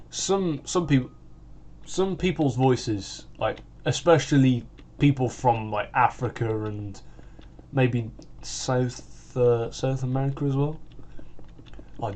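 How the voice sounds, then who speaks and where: Speaking slowly with long pauses, this teen gaming host has a mid-range, slightly mellow voice and a British accent. The sixteen-year-old rambles as he plays, his casual chat full of "like" and false starts.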